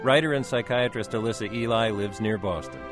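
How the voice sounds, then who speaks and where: A man's voice: fairly low pitch, brisk, loud music behind the voice. A man hosting a public radio sports program, reading intros, listener information and a wry news item. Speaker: radio host.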